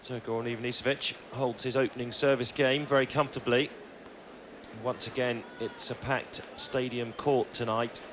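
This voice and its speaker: A man calls a tennis match live, measured and informative, in an even middle register. His voice comes through an old TV broadcast with clear hiss and noise behind it. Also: mid-range voice. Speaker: TV tennis commentator. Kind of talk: live sports commentary.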